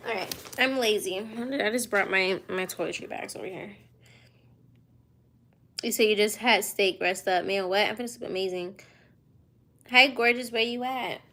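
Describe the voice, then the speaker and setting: A sleepy young woman in her twenties chats on a late-night livestream. Her voice has a gravelly, fry-heavy edge at an ordinary middle pitch. She reads out viewer questions and answers them in an easy, slangy drawl, yawning her way through. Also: moderate pace, a bit bright, slight background noise. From United States. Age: 20s. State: tired and yawning. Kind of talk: casual livestream chat. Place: hotel room at night.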